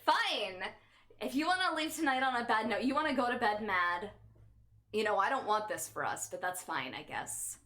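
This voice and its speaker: A woman streaming and bantering with her viewers, her pitch swinging up and down in an animated, playful way. She teases and plays at being offended, in the easy tone of casual stream chatter. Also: normal speed. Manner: playful, teasing, mock-offended, often laughing. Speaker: livestreamer.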